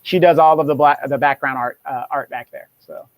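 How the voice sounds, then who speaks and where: A man co-hosting a casual chat show, chiming in with relaxed trivia and corrections. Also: fairly high pitch, fairly quick, dry recording. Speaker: co-host.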